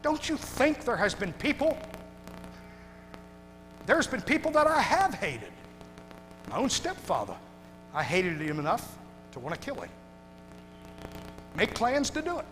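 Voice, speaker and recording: Man, pastor, preaching sermon, hushed to shouting, long church reverb, music behind. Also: sits high, wildly swooping pitch, a little slow, long pauses. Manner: swings from hushed and tender to loud shouting. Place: church sanctuary.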